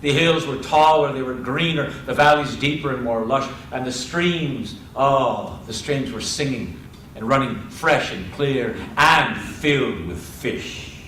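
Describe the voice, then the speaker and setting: A man's voice: mid-range voice, measured pace, fairly bright tone, a little hiss or hum. A man telling a legend live to an audience, dramatic and addressing listeners directly. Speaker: storyteller. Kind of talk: live oral storytelling. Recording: roomy, distant live mic.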